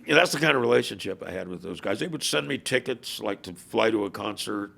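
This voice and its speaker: A man's voice: fairly low pitch, expressive, fast, creaky, fairly bright tone. An older man telling rambling stories in a casual interview, full of filler words. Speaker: guest, former biker club leader. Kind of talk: casual storytelling conversation. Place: his home.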